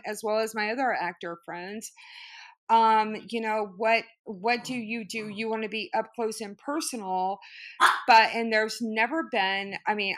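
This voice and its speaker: A woman's voice: medium pitch, a bit bright. A woman actress telling an upsetting personal story in an interview, agitated and swearing, with many fillers. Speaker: actress and guest.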